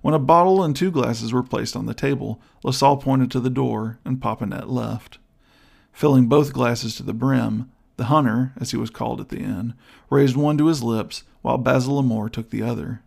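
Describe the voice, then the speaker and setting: A man with a gravelly voice narrating a story in a steady, even reading style. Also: mid-range voice, moderate pace. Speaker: audiobook narrator. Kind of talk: scripted narration.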